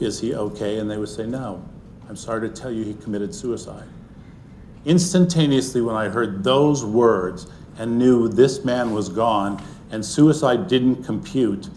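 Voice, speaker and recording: Before a live audience, a middle-aged man tells a personal story, earnest and unhurried. His pitch is ordinary, and he often sinks into a soft, hushed tone. A faint low rumble hums in the background.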